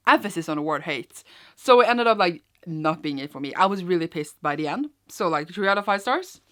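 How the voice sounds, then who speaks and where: Chatty low-voiced young woman vlogger. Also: lively intonation, brisk, a bit bright. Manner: chatty, rambling, many fillers and restarts. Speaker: book vlogger. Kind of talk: casual book wrap-up vlog. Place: cold room at home.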